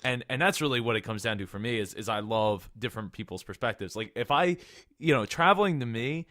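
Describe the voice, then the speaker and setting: A podcast host chats casually and enthusiastically with a guest in an interview. His medium-pitched voice is bright and forceful, a little fast, recorded at studio quality with no room sound.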